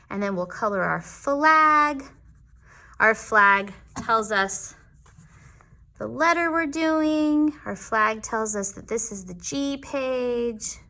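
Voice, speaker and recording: A woman teaching young children their letters in a patient, sing-song way, sounding out each letter slowly. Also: high-pitched, bright, forceful tone. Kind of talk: teaching a children's alphabet lesson.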